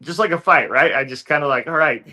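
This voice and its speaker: A man guest in an interview, telling a story in a relaxed, casual way with lots of fillers. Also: on the high side, fast talker. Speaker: interview guest, fighter turned actor.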